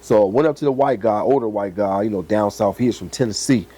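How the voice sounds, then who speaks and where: A man who is a podcast guest telling a story in casual chat, animated and profane, often repeating his phrases. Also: fairly low pitch, quick pace, husky.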